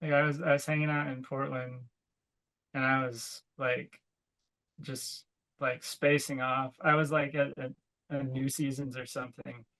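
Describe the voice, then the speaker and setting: A man's voice: medium pitch, little pitch movement, measured pace, pushed and bright, poor audio. A young adult man and podcast co-host, chatting casually and telling rambling stories full of "like," sometimes laughing as he goes. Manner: rambling, filler-heavy storytelling with frequent "like". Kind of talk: casual chat.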